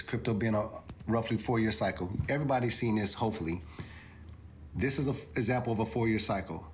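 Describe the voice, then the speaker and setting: Male streamer with a lowish voice, emphatic and repetitive, walks through charts over a faint noise floor. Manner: emphatic, repeats himself, rising to incredulous exclamations. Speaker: crypto commentator. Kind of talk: livestream chart commentary.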